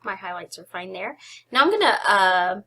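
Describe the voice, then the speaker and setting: A young woman hosts a casual software tutorial in a bright, clear voice. She stays chatty and giggly and pokes fun at herself between steps. She sounds slightly out of breath. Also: mid-range voice, big pitch swings, normal speed. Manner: chatty, giggly, self-deprecating asides. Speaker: photography tutorial host.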